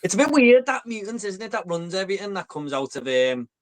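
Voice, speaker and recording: A man's voice: sits high, big pitch swings, quick pace, a crowd in the background. Hesitant man musing about movies. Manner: hesitant, trailing off, lots of ums and tag questions. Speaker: movie podcast co-host. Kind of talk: casual film chat.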